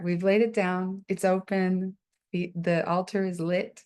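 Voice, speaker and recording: Woman host for a spiritual circle call, low, gravelly, gentle and slow, affectionate. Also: little pitch movement. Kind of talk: guided spiritual circle, casual.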